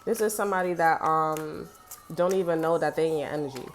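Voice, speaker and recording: A woman with a low voice gives a casual tarot reading straight to the viewer. She is blunt and sassy and swears freely. A faint hiss sits under her voice. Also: brisk. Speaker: tarot reader.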